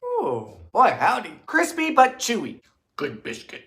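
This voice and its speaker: Young male baking host, lively bright voice, deadpan punchlines with loud bursts. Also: high voice, a little slow. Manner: deadpan jokes with sudden loud outbursts. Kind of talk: comedic cooking narration. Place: home kitchen.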